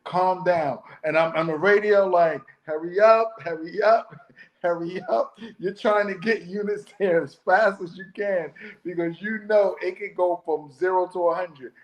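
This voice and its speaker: High-voiced loud ex-cop man. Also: fairly even intonation, moderate pace. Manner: loud voice, acts out quoted speech. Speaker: former police officer. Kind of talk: casual podcast conversation.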